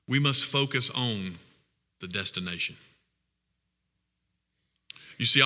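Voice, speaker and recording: A man preaching a sermon as pastor, with earnest, emphatic, drawn-out phrasing. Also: on the low side, pushed and bright, in a large hall.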